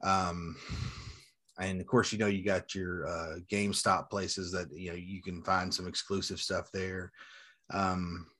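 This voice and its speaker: A man in his forties who collects and sells toys chats casually, spinning rambling, profane stories with animated energy. His voice is low and his delivery a little slow.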